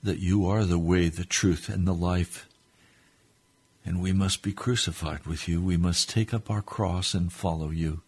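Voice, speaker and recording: Gravelly, fervent man praying on radio. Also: sits low, steady tone, a little slow, a little mellow. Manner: fervent, pleading prayer that swells and drops. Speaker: radio preacher. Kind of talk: sermon prayer.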